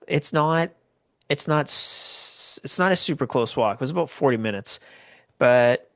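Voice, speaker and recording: A Canadian man telling a story in a loose, rambling way, full of "like" and false starts. His voice sits at an ordinary middle pitch and sounds dry and close, with no room around it. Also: animated, a little slow, a bit bright, no room sound. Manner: rambling, lots of "like" and restarts. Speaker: podcast host. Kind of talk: casual storytelling.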